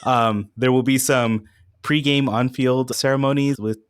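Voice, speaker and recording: A man co-hosting a casual podcast, relaxed and chuckling as he runs through event details. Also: mid-range voice, unhurried, clear, resonant tone. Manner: laid-back, chuckling, reads event details. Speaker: podcast co-host. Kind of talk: casual chat.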